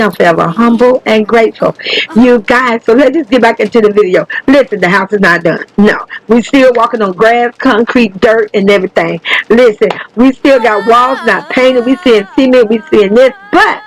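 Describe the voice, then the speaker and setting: A woman talks her viewers through a life-sim game in loose, animated commentary. She swears freely, laughs a lot and keeps calling her audience baby. Her voice leaps higher whenever something delights or shocks her. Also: low-quality recording. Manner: animated, chatty and profane, calls viewers baby; laughs often, voice jumps high when excited. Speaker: gaming channel host. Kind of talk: casual gameplay commentary.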